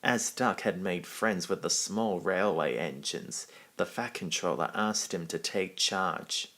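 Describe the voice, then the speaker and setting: A man's voice: low voice, measured pace, fairly bright tone. A man reading a children's railway storybook aloud, giving the characters their own voices.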